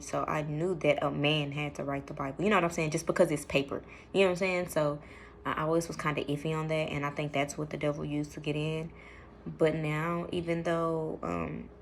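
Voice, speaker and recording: Young woman vlogger, casual and meandering, says y'all a lot; slightly low voice, light background hiss. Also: creaky. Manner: rambling, chatty, lots of fillers; addresses viewers as y'all. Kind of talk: casual talking-to-camera vlog.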